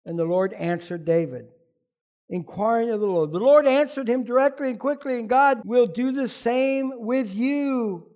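A man preaching a sermon as pastor, animated, often asking the congregation questions. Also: very high-pitched, normal speed.

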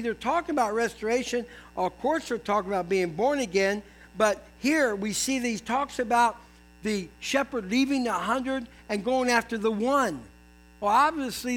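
A man's voice: high voice, a bit bright, low-quality recording. A man preaching a sermon as pastor, telling stories with folksy asides to the congregation.

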